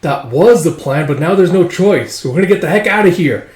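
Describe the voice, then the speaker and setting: A man's voice: a little high, expressive, a little fast, darkish tone, roomy sound, close to an everyday voice. A man voicing a plucky young rescuer girl. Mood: urgent.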